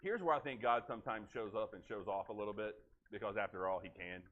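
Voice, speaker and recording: A man preaching a sermon in a church, telling the story in a folksy, animated way. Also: fairly low pitch, quick pace, phone-quality sound. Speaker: pastor. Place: church sanctuary.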